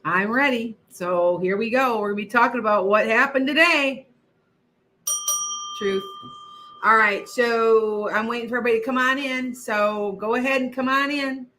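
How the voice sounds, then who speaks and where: A woman's voice: on the high side, normal speed, bright, forceful tone, slight background noise. An older woman, a retired teacher, hosting a casual livestream and chatting in a rambling way, restarting her sentences often. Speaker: psychic livestream host.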